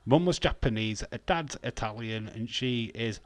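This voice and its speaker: A man's voice: medium pitch, normal speed, few pauses, dry recording. A man hosting a watch-along stream, joking, laughing often and chatting with his viewers. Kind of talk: casual live commentary.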